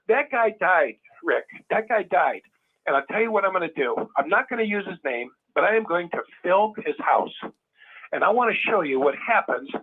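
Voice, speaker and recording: High-voiced man on a tinny phone line. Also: husky. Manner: emphatic, repeats himself, acts out quoted people. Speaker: caller. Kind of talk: animated phone-in chat.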